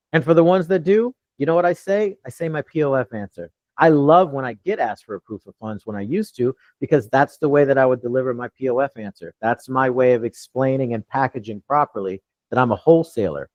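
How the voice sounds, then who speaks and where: A man's voice: medium pitch, animated, moderate pace, dry recording. A man coaching real estate wholesalers in a live Q&A, blunt and profane with brash confidence. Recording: dull lo-fi dry sound.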